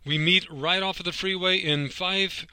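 Man, radio announcer, upbeat, high voice, dry studio sound. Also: fairly even intonation, moderate pace, pushed and bright, clear, resonant tone, no echo, low-quality recording. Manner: upbeat, friendly promotional delivery. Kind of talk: scripted sponsor announcement.

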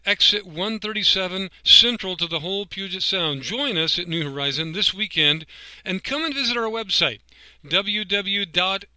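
A man's voice: high voice, moderate pace, pushed and bright, no echo, rough recording. A man reading a scripted sponsor announcement as a radio announcer, upbeat and friendly. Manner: upbeat, friendly promotional delivery.

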